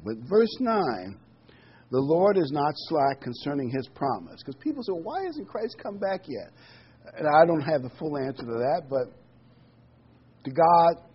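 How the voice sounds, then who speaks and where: A man's voice: medium pitch, slightly rough, muffled recording. A middle-aged man giving a casual sermon, reading scripture and musing aloud with frequent ums and restarts. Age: middle-aged or older. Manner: conversational, rambling, many ums and restarts. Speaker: preacher.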